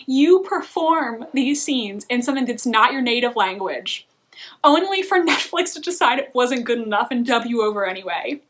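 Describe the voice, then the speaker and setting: A young woman talks through her recent TV watching in a relaxed vlog, chatty and opinionated. Her voice sits high and bright, and she often laughs mid-sentence. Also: moderate pace. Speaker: book and TV vlogger. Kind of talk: casual review chat.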